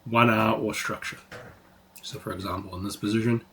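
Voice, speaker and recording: A man's voice: fairly low pitch, steady tone, normal speed, sharp tone, a little hiss or hum. A man teaching trading on a live stream, talking casually, swearing freely and saying "like" a lot. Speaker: trading educator.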